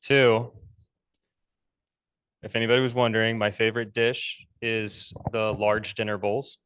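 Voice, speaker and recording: Slow, low-voiced man hosting a meeting. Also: slight background noise. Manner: relaxed, joking. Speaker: toastmaster.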